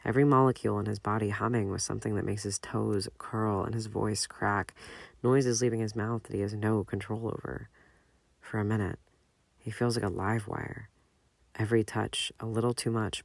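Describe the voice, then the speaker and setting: A man reading a fan-fiction audiobook aloud in a measured, unhurried way. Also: fairly low pitch, fairly even intonation, vocal fry, no room sound. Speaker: audiobook narrator.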